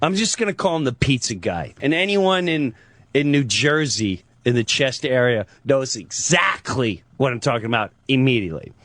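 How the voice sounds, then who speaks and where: A man telling a comic story, excitable and profane, acting out the people in it. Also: medium pitch, moderate pace, dry recording. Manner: excitable, profane, restarts and acts out voices. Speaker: comedian guest.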